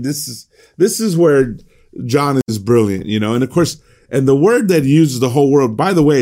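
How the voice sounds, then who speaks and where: Teaching a devotional Bible class conversationally, a man with a mid-range, darkish voice often restarts his sentences and reads scripture aloud.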